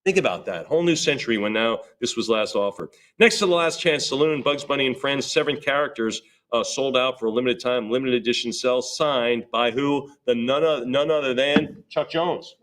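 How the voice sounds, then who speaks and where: A man's voice: medium pitch, a bit bright. A man working as an auctioneer at a live sale, chanting bids over and over and dropping playful asides between the numbers. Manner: rapid repetitive bid chant with joking asides. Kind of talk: live auction bid calling.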